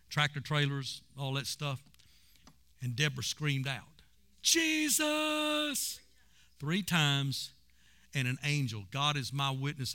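A man preaching, his voice bright and forceful. He tells stories with plenty of emphasis. His pitch sits in the middle range. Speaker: pastor. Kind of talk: sermon.

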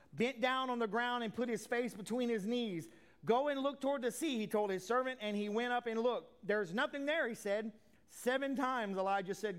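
A man preaching a sermon as a pastor, swinging from loud declarations to hushed asides, with folksy plain talk. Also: high voice, clean tone.

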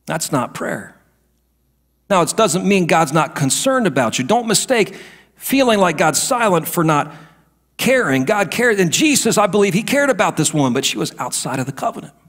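A middle-aged male pastor delivers his sermon in a high-pitched voice. His delivery is animated, with pitch leaping around. He shifts from soft, confiding asides to bold, emphatic declarations. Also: moderate pace. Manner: animated preaching, swings between hushed and emphatic.

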